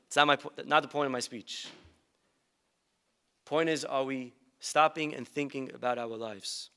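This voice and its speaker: A man's voice: a little high, normal speed, bright, forceful tone, clean tone. A male rabbi giving a humorous sermon with stories and rhetorical questions to his congregation. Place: synagogue event.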